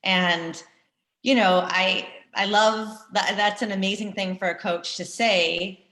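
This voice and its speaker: A Canadian woman runner talks casually on a panel video call, chatty and quick to laugh. Her voice sits a little low. The sound carries a roomy echo. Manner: chatty, warm, laughs easily. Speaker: Olympic runner guest on a panel.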